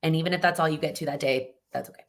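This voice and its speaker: A woman's voice: sits low, steady tone, very fast. A young woman hosting a live Q&A, chatting casually and giving encouraging advice, often restarting her sentences. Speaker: host answering viewer questions.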